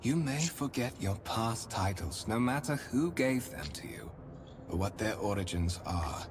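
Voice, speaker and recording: A courtly imperial spymaster. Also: male voice, lowish voice, expressive, noisy background. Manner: formal, measured, courtly. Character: refined male imperial spymaster, formal and smooth. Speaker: game character. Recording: game audio with music behind.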